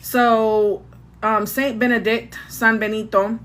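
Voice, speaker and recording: Woman host of a casual livestream, fairly high voice, chatty and reactive to her chat. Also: little pitch movement, takes it slowly, fairly bright tone. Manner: chatty, answers chat comments, restarts and fillers. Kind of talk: casual live chat about astrology and gossip.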